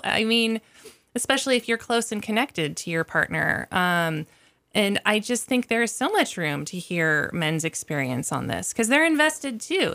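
A woman speaking as an interview guest for an advocacy group, earnest and reflective, with frequent pauses and soft laughs. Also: fairly low pitch, creaky. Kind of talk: conversational interview.

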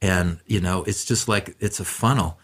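A man's voice: deep voice, moderate pace, fairly bright tone. A male musician guest in a radio studio, telling rambling, easygoing stories with lots of fillers in a casual interview.

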